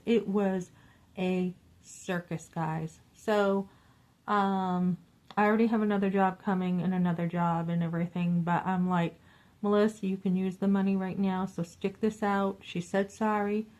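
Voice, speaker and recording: A woman's voice: medium pitch, moderate pace, low-quality recording. A middle-aged woman telling a story in a casual vlog, venting with exasperation and acting out the dialogue. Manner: animated, acts out quoted dialogue. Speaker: vlogger.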